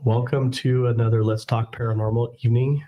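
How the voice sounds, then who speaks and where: A slightly hoarse man with a cold, co-hosting a paranormal live stream in an easygoing, self-deprecating way. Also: medium pitch, little pitch movement, brisk, muffled recording. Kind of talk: casual live-stream chat.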